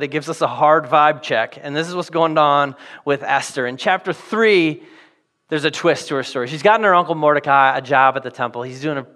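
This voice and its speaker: A man's voice: fairly high pitch, pushed and bright. Jokey conversational male pastor. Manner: conversational, jokey, modern slang. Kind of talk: sermon.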